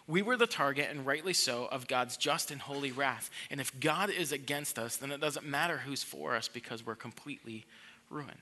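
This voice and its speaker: A man's voice: mid-range voice, pushed and bright. A man preaching a sermon to a church congregation, speaking earnestly and with emphasis, often repeating words as he restarts a thought. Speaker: pastor.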